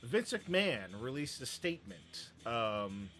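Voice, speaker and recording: A man's voice: medium pitch, very animated, slow, bright, forceful tone, faint music behind. A man hosting a wrestling show, chatting casually about the news and giving his opinions, with a rambling manner and many fillers.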